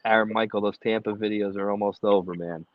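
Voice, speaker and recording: A man with a low, dry voice tells a rowdy, profane story to his co-host in casual podcast chat. The sound is muffled and lo-fi. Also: brisk, no echo. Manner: animated, profane, acts out shouted quotes.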